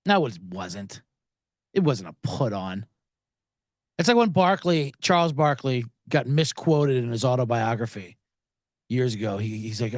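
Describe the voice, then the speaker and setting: A man's voice: mid-range voice, normal speed, dry recording, studio quality. A man hosting a sports betting podcast, ranting sarcastically about line moves and celebrities, swearing often. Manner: animated, sarcastic, swears a lot. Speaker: podcast host. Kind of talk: profane sports betting rant.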